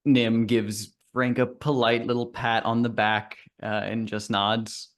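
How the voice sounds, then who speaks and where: Sex: man. Role: player. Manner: matter-of-fact. Pitch: mid. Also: level tone, takes it slowly.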